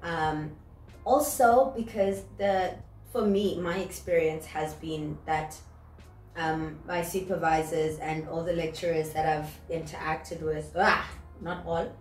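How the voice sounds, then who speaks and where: A young South African woman hosts a casual chat, candid and sometimes groping for the right word. Her voice sits a little low. She is recorded off-mic in an echoey room. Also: steady tone, slow, distant mic, soft background music. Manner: chatty, candid, searches for words. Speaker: host.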